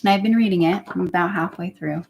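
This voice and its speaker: A woman's voice: on the low side, quick pace, gravelly, lo-fi sound, slight background noise. A young woman chatting candidly on her livestream, rambling and sometimes dropping into a whisper. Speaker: YouTuber. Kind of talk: casual livestream chat.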